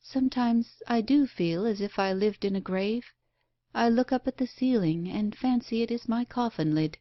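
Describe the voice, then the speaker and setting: A woman's voice: fairly high pitch, normal speed, no echo, muffled recording, voice pushed up, close to an everyday voice. A woman voicing a pale, listless, melancholy young wife and mother who speaks plaintively. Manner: plaintive and subdued.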